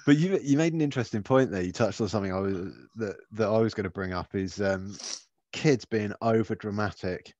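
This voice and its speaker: Man, podcast co-host, low voice, laughs often, dry dull sound. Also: a little fast, darkish tone, no room sound. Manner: laid-back, swearing, laughs often. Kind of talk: casual chat.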